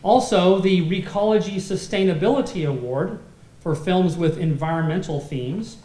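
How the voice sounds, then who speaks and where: A man's voice: high-pitched, moderate pace, mellow, roomy sound. A man emceeing a film festival awards dinner, presenting the prizes with light jokes and easy laughs. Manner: light joking, laughs between lines. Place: dinner event hall.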